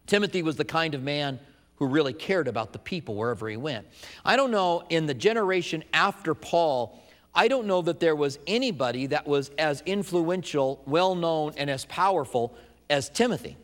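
A man's voice: on the high side, animated, moderate pace, fairly bright tone, big-room sound. A man preaching a sermon as pastor, with an emphatic, repetitive cadence.

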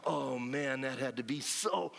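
A man preaching a lively, animated sermon as pastor, acting out scenes and whooping with joy. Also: medium pitch, measured pace, vocal fry, noisy background. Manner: animated, acts out scenes, frequent shouts of joy. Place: church sanctuary. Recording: long hall reverb.

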